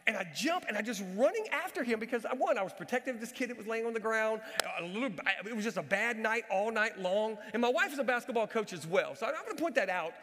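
A man preaching a sermon with storytelling, animated, swinging between loud outbursts and hushed, earnest moments. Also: sits high. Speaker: pastor and basketball coach. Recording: long hall reverb.

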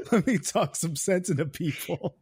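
A young man co-hosting a podcast, recounting events in a relaxed way and laughing. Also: sits high, measured pace, husky, no room sound. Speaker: podcast co-host. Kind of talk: casual chat.

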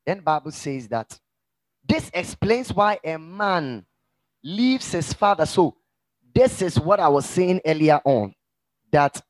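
A middle-aged male pastor preaching a sermon with emphatic swings from hushed asides to shouts, in a gravelly voice. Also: fairly high pitch, very animated, slow, no room sound.

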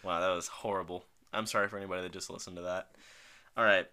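A man's voice: low voice, level tone, fast talker, pushed and bright. A young man co-hosting a podcast in casual chat, joking and thinking aloud as he orders food. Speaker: podcast co-host.

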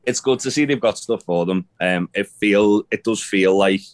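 A man's voice: fairly low pitch, normal speed. A young man co-hosting a casual chat, rambling with restarts and casual swearing. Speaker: podcast co-host. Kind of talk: casual chat about wrestling.

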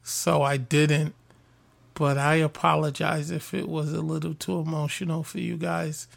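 A man hosting a podcast, ranting casually in an animated, profane, self-deprecating way. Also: a little high, measured pace, vocal fry. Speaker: podcast host. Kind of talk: casual solo rant.

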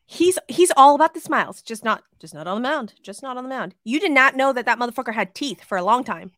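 A woman co-hosting a casual sports podcast, excitable and gushing, swearing freely. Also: a little high, quick pace, no echo, clean studio sound. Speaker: podcast co-host.

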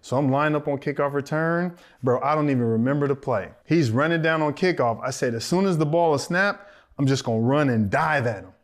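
Excitable man telling a story. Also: on the high side, fairly quick. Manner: excitable, acts out voices of others in his story, laughs often. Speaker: podcast co-host, former football player. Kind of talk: animated storytelling chat.

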